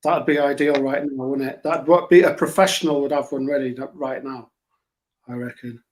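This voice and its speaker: A man's voice: medium pitch, steady tone, normal speed. A man, a guest musician chatting in a rambling, self-mocking, hesitant way. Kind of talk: casual chat.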